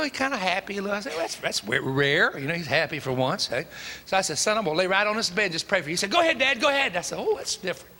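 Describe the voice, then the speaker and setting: A man's voice: sits high, pushed and bright, slight background noise. A middle-aged man with a Tennessee Southern accent preaching, telling a folksy, emphatic story and acting out the dialogue. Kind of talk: storytelling sermon. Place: church sanctuary. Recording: long hall reverb.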